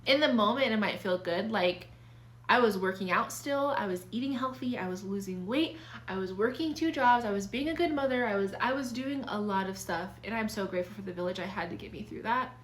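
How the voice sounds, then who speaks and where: A woman's voice: medium pitch, expressive, fairly quick, fairly bright tone. Earnest young woman sharing her story. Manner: earnest and confiding, many fillers and restarts. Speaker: vlogger sharing life advice. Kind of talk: casual personal talk.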